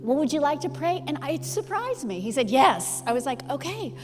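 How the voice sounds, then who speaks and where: Higher-voiced woman telling a sermon story. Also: big pitch swings, brisk. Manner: warm storytelling, acts out both sides of a conversation. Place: church. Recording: long hall reverb with music behind.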